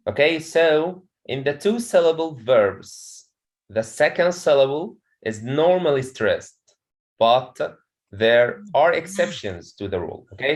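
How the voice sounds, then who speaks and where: A man teaching a pronunciation lesson to a class, repeating words and questions patiently. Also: medium pitch. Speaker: English teacher.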